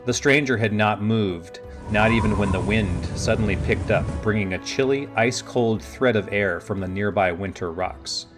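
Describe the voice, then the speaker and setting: A man narrating a fantasy story in a steady, measured storytelling voice. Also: lowish voice, music in the background. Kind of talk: audiobook narration of his own fantasy novel.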